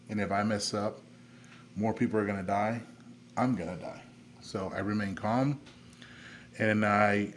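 Man, low voice, candid and plainspoken, telling his own story, faint background hiss. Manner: candid, plainspoken with frequent fillers. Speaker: podcast guest, army veteran. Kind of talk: recounting a personal story.

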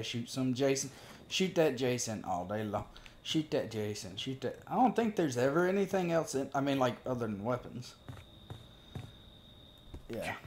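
A man's voice: mid-range voice, sing-song, normal speed, slight background noise. A man giving casual, profane gameplay commentary as a gaming video creator, joking and talking to himself as he plays.

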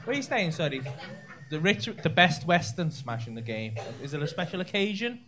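Cheeky male comic working the room, swearing freely, bouncy pitch, big audience laughs behind. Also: sing-song, normal speed. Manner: brash, sweary, teasing banter with the audience. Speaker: stand-up comedian. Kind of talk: crowd work stand-up. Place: comedy club stage. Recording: live club show with loud crowd laughter.

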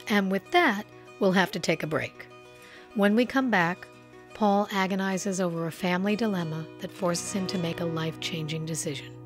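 Woman narrator, slightly low voice, calm and even, soft music under her. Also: normal speed. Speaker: documentary narrator. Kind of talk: scripted narration.

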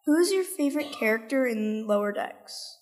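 A woman's voice: on the high side, animated, moderate pace, a little mellow. A woman from the audience asking a question at a convention panel, upbeat and playful. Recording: long reverb of a convention hall.

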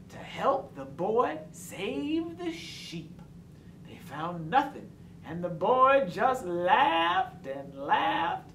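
Expressive man telling a children's story. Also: high voice, extremely slow. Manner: expressive, sing-song storytelling. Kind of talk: storybook read-aloud. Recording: roomy distant mic, faint background noise.

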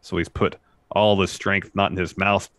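A man with a very deep voice walks through wrestling promos line by line in a plain, steady retelling. It is casual podcast chat between co-hosts, recorded dry and close. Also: normal speed, dry recording. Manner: reads out promo quotes in a flat, steady retelling. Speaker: podcast co-host.

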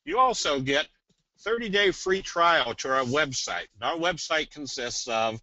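A man presenting a trading webinar in a casual, folksy, joking way with a salesy pitch. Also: animated, measured pace, pushed and bright, no room sound. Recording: dull dry webinar audio.

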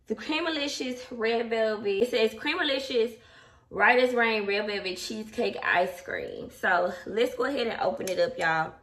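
Here a young adult woman talks casually and emotionally to her viewers from home, sharing openly in a vlog. Her voice is a little high and a bit bright, at a moderate pace. Faint background noise and a distant mic color the sound.

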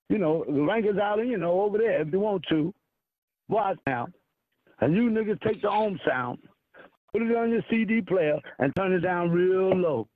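Profane, combative high-voiced man preaching. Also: dry recording. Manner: profane, combative, rhetorical questions. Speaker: self-styled spiritual leader. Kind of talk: preaching monologue to an audience. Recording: tinny phone-like radio broadcast.

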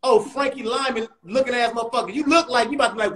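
A man hosting a comedy livestream, throwing loud, mocking, profane insults at another guy. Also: extremely high pitch, racing, low-quality recording. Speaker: comedian host.

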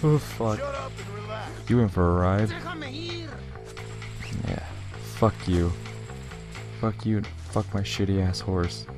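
A man's voice: on the low side, steady tone, slow, pauses often. A young man commentating his gameplay, frustrated and swearing constantly over game music and hoofbeats. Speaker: let's play gamer. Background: game music and horse hooves.

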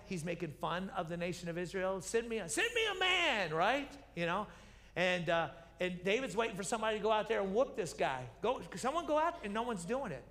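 A man preaching a sermon as pastor, telling Bible stories with animation, acting out the characters' lines and repeating key phrases as he questions the congregation. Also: sits high. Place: church sanctuary. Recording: reverberant church sanctuary broadcast.

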